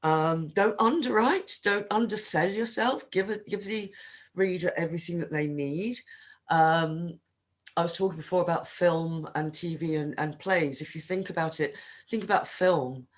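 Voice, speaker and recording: A woman's voice: lowish voice, normal speed. A woman leading a writing workshop, talking conversationally with frequent filler ums. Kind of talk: online workshop talk.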